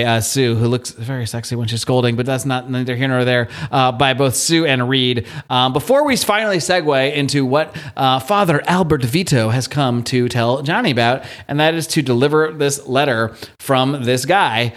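A man's voice: medium pitch, fairly bright tone. A young adult man hosting a podcast, talking casually, rambling and laughing between thoughts. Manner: rambling, laughs often, restarts a lot. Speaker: podcast host. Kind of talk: casual chat.

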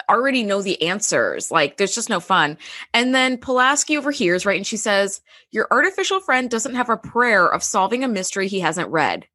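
A young woman in casual conversation, animated and laughing often, her voice a touch higher than most and strikingly bright. The sound is close and dry, with no room around it. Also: no echo. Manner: animated, laughs often, jumps high in pitch when quoting. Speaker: podcast co-host. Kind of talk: casual chat.

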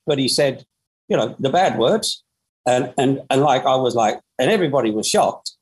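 An Australian man in his sixties, a former footballer, tells his story in an interview, lively and full of restarts and fillers. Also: medium pitch, normal speed, slightly rough, rough recording.

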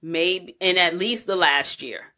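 Bright, slangy woman telling travel stories. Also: lowish voice, slow. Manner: candid, slangy, animated storytelling with profanity. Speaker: travel podcast host. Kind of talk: casual travel storytelling.

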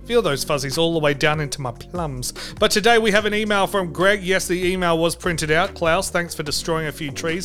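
High-voiced man ranting crudely. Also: a bit bright. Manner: crude, angry, mock-outraged ranting. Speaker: podcast host. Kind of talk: comedic rant podcast.

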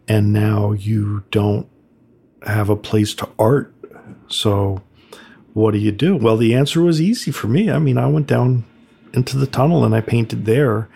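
An older man, a graffiti artist telling stories from his career in a relaxed, conversational way. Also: creaky, husky. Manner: conversational, acts out quotes with raised pitch. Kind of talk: reflective storytelling. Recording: soft music underneath.

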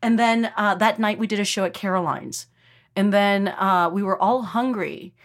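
A woman from Texas, a comedian telling a story in casual podcast chat, animated and full of fillers, acting out quotes. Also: medium pitch, moderate pace. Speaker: comedian guest.

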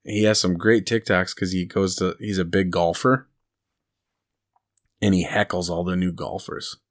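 A man's voice: low-pitched, fairly even intonation, normal speed. A man co-hosting a podcast in casual chat, rambling through stories and laughing at his own jokes. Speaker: podcast co-host.

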